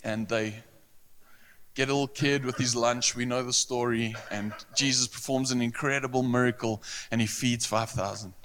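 A male pastor delivering a sermon with a bright, forceful voice. He speaks earnestly and emphatically, and he often repeats phrases for weight. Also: mid-range voice, fairly even intonation, normal speed.

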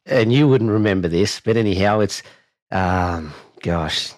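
A man's voice: low voice, unhurried, darkish tone, no echo. An Australian man hosting an interview, chatting casually and telling an anecdote in a matey way. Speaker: podcast host and horse coach.

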